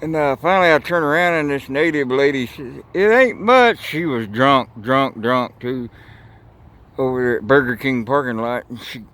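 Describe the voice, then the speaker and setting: A man's voice: medium pitch, steady tone, normal speed, fairly bright tone. A man vlogging outdoors beside railroad tracks, rambling in a folksy way and swearing casually, recorded on a handheld camera mic. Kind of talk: casual outdoor vlog narration.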